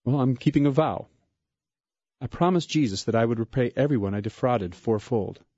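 A man voicing a short, remorseful tax collector in a dramatic story reading, earnest and quick-spoken. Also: mid-range voice, lively intonation, dark tone, dry recording, muffled recording, close to an everyday voice.

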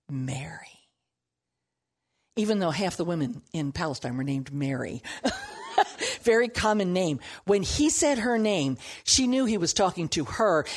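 A woman teaching a Bible passage in an animated storytelling way, with humorous asides. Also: low-pitched, husky.

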